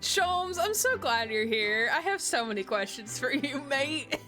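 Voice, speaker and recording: A high-voiced woman laughs her way through a game stream, her pitch leaping all over. She talks excitably and swears freely. Music plays behind her. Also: measured pace. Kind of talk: playful live game commentary, voicing characters.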